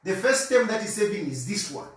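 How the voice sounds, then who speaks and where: A man's voice: high-pitched, very animated, fairly quick, a bit bright, distant mic. Insistent Zambian man in an echoey room. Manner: insistent, repeats points for emphasis. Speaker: political commentator. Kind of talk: argumentative monologue.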